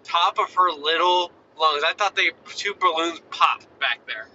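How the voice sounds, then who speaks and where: A man in his thirties chatting casually, telling animated stories about his kids and acting out their voices. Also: a little high, a little slow, dull audio, a little hiss or hum. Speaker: father. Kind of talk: casual chat.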